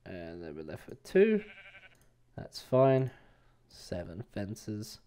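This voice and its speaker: A man's voice: fairly low pitch, huge pitch swings, slow, dark tone. A man giving casual gameplay commentary as a let's play host, rambling and hesitant with many fillers.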